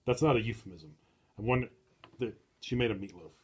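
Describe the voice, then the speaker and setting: A man hosting a casual chat show, speaking in a halting, dry way with frequent restarts. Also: fairly low pitch, husky. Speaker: host.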